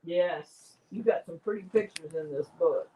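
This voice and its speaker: A woman's voice: fairly low pitch, normal speed, phone-quality sound, a little hiss or hum. A woman chatting casually with friends, telling teasing stories and laughing often. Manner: giggly, teasing storyteller. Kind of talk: casual chat among friends.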